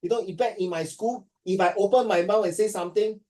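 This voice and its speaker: A man's voice: sits high, fast talker, mellow, recorded from a distance. A man from Singapore with a Singaporean accent, teaching a class in a joking way and mixing English with Chinese.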